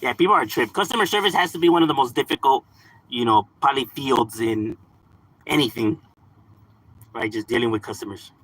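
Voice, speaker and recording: A man's voice: mid-range voice, brisk, fairly bright tone, poor audio. A young man chatting casually on a live stream, slangy and laughing often. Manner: laid-back slang, mixes in Spanish words, laughs often.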